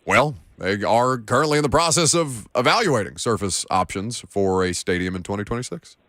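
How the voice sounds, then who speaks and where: Man, late twenties, sports radio host, lively rising and falling delivery, dry close studio sound, self-deprecating rambling. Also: on the low side, a little fast, no room sound. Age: late 20s. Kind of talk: casual sports talk radio chat. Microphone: studio broadcast mic.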